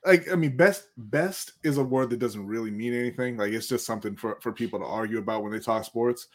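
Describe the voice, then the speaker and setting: A man's voice: fairly low pitch, fairly quick. A man co-hosting a sports talk show, arguing his point and teasing the others with easy laughter. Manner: argumentative, teasing, laughs easily. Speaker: podcast co-host.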